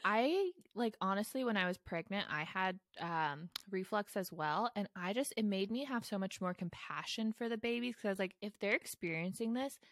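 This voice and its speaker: A woman's voice: mid-range voice, lively intonation, normal speed, few pauses, dry recording. A woman co-hosting a mom podcast, bubbly and joking as she introduces her guest. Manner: bubbly and jokey. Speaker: podcast co-host. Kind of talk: casual podcast chat.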